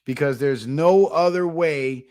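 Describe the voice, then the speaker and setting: A man's voice: fairly high pitch, takes it slowly, a little mellow. A man hosting his own channel at home alone, talking in a loose, profane, casual commentary style and laughing often. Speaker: channel host.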